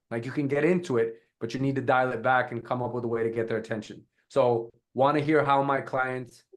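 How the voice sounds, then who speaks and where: Animated man coaching on a video call. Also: medium pitch. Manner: energetic, demonstrates lines with emphatic delivery. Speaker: guest speaker on content creation. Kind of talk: live webinar coaching.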